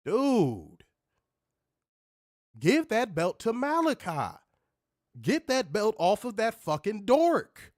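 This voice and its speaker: A man hosting a podcast, ranting in an animated, profane, casual way. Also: high-pitched, slow pace, long pauses, no echo, clean studio sound. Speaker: podcast host. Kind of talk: casual chat.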